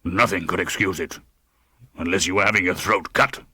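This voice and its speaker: A man's voice: low voice, steady tone, moderate pace, sharp tone, husky, no room sound, studio quality, full character voice. A man voicing a savage, brooding grown man of the house, speaking in harsh, commanding outbursts, in an audiobook. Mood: irritated. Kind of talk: audiobook character voice.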